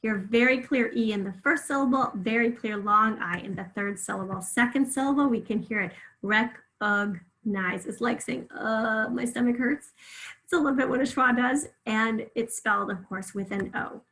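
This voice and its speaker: A woman teaching a remote phonics lesson, patiently drawing words out slowly so listeners can hear each sound. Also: on the high side, fairly bright tone, low-quality recording.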